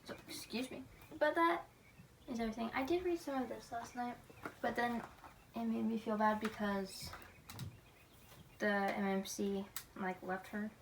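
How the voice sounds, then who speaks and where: A woman's voice: fairly high pitch, steady tone, measured pace, pauses often. A young woman vlogging casually about books she is reading, chatty and giggly, rambling between thoughts. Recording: noisy phone recording.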